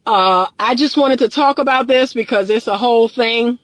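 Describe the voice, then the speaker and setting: A woman's voice: fairly high pitch, normal speed, no room sound, rough recording. A woman relationship coach speaking straight to her viewers in an earnest, emphatic way, repeating her key phrases for weight. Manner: addresses viewers as "y'all". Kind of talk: direct-to-camera monologue.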